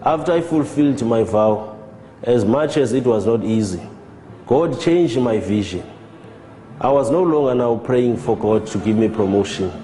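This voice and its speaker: A man giving a measured, halting personal testimony as a church member. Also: medium pitch, animated, mellow, slight background noise. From South Africa. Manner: measured, halting, with repeated words. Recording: roomy with long reverb and faint music.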